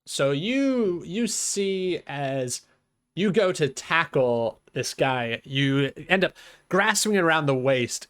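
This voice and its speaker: A man's voice: medium pitch, a bit bright, clean tone, dry recording, clean studio sound. A man narrating as game master for a tabletop game, talking hesitantly with fillers and restarts.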